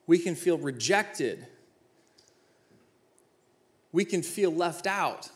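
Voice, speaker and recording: A man's voice: fairly high pitch, lively intonation, drawn-out words. A man in his thirties, a former football player giving an inspirational talk, telling personal stories with self-mocking humor and acting out the dialogue.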